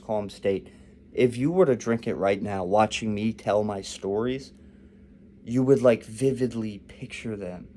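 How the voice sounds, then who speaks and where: Young male vlogger, slightly low pitch, casual rambling storyteller with a joking streak. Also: darkish tone.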